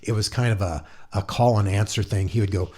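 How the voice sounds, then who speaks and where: A man's voice: fairly low pitch, steady tone, brisk, dark tone. A middle-aged man, a guest musician from Montana, telling a chatty anecdote in a casual interview and acting out what other people said. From Montana, USA. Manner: chatty, acts out others' quotes with voices. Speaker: guest musician, guitar player.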